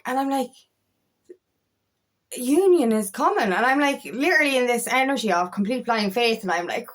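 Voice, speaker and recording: A woman's voice: medium pitch, a bit bright. A woman coach talking candidly to camera about spiritual healing, swearing freely and padding with "like" and "you know". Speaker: empowerment coach. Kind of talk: casual spiritual talk to camera.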